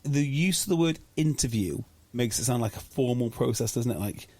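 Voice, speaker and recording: Measured male podcast co-host. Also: mid-range voice, animated, dark tone, no room sound. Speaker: podcast co-host, former coach. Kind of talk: casual chat.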